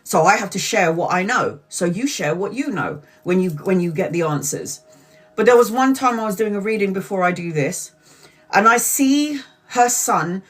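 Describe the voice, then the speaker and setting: A woman's voice: mid-range voice, moderate pace, faint music behind. A woman, a tarot reader, chatting casually on a live stream and telling stories with frequent laughter and the odd swear word. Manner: animated storytelling, laughs often, swears casually.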